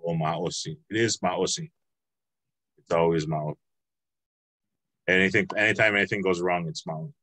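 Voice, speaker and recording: A man's voice: low voice, fairly even intonation, moderate pace, long pauses, pushed and bright, no echo, poor audio. A man teaching a language class over a video call, patient and encouraging, drawing out words as he explains.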